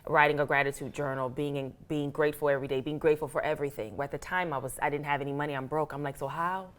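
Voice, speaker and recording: A woman with an American accent, an actress and author telling her story as an interview guest, animated and acting out her own past thoughts. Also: deep voice, racing. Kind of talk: casual interview talk.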